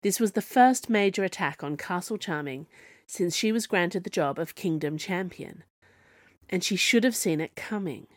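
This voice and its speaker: Woman reading her own serial story, lowish voice, measured, dry close sound. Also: expressive, dry recording. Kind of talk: scripted narration.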